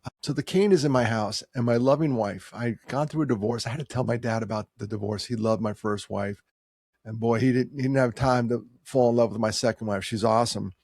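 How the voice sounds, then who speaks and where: Man in his sixties, gravelly and husky, heartfelt conversational storytelling, dry close sound. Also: mid-range voice, steady tone, fairly quick, darkish tone, no room sound. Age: 60s. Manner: heartfelt, conversational, with rising emphasis. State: tearing up. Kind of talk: personal storytelling to camera.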